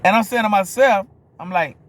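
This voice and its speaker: A man's voice: fairly high pitch, slight background noise. A man from New Orleans with a New Orleans accent, ranting to camera in a blunt, profane monologue and asking "you hear me?" over and over. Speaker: vlogger.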